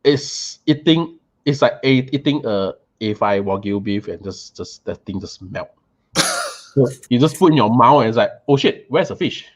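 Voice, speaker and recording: A man telling an animated, casual story about a meal, often repeating and restarting words. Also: fairly low pitch, normal speed, muffled recording.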